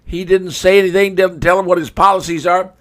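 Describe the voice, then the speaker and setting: A man's voice: high-pitched, fairly even intonation, a little fast, fairly bright tone. A male talk show host giving a folksy, conversational opinion monologue, speaking straight to his viewers.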